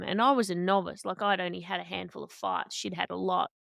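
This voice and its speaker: Woman, gravelly edge, clear tone, dry close mic, candid storytelling. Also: on the low side, a little fast, hardly any pauses, no room sound. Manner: candid, animated storyteller with frequent restarts. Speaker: podcast guest, boxer and coach. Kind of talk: conversational storytelling.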